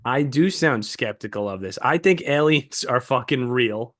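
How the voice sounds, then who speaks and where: A man's voice: mid-range voice, normal speed. A young man co-hosting a podcast, arguing emphatically in casual, profane chat. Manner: emphatic, profane, animated storytelling. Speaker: podcast co-host.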